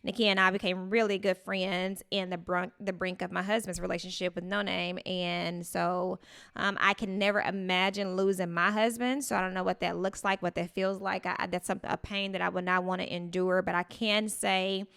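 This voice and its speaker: Bright, clear-voiced woman telling a story. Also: lowish voice, moderate pace. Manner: storytelling, animated retelling with quoted voices. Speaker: podcast co-host. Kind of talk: casual chat.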